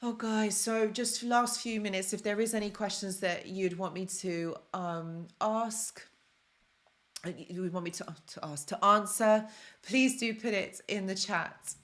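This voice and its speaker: A woman's voice: mid-range voice, measured pace. A woman hosting a live stream, talking casually and emphatically to her viewers. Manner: emphatic and excitable, addressing viewers directly. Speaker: host of a live stream on toxic relationships.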